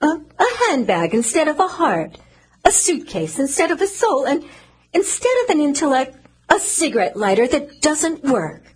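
An actress playing a prim, sharp-tongued young shop clerk in a 1940s radio play, flustered while she waits for a date. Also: high-pitched, very animated, moderate pace.

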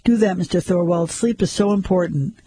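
A man's voice: high-pitched, brisk, dark tone, a little hiss or hum, natural voice. A man voicing a nosy, chatty woman who is the wife of a building superintendent, asking questions in friendly small talk.

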